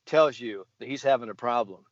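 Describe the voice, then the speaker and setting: A man's voice: medium pitch, fairly quick, no echo. A man in his seventies, a golf sports psychologist, telling a story on a podcast and acting out the people he quotes. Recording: dry, slightly dull podcast audio.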